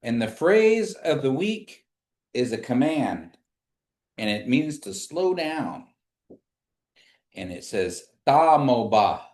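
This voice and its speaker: A man teaching a language class, slowly drilling words for the class to repeat. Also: medium pitch, sing-song, darkish tone. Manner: patient, slow drilling of words for repetition. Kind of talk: live in-person language lesson. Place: classroom streamed online. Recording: echoey room.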